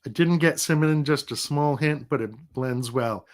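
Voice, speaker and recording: A man's voice: a little high, moderate pace. Rambling middle-aged man chatting on a livestream. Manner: rambling, chatty, laughs easily. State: sick, recovering. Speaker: livestream host. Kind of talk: casual livestream chat.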